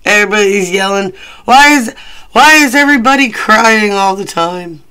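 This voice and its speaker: Brief: a man playing a worn-out new dad king, high and bright, griping in exasperation. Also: lively intonation, normal speed, clear, resonant tone. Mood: exasperated. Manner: exasperated, complaining. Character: frazzled new father, a king, middle-aged.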